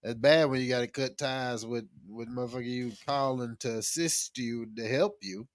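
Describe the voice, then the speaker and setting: A young male podcast host talks easily at a medium pitch, chuckling often and chiming in with short agreements. The sound is close and dry, with no room around it. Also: dry recording. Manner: laid-back, chuckling, quick agreeing replies. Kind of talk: casual podcast chat.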